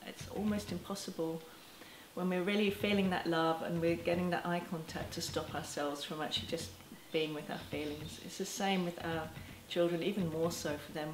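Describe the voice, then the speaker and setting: A woman with a fairly low voice speaks gently and reassuringly, as if teaching parents straight to camera. The room around her is echoey, and a faint ambient hum sits under her voice. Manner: gentle and reassuring, with soft laughs. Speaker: parenting educator. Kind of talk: talking to camera.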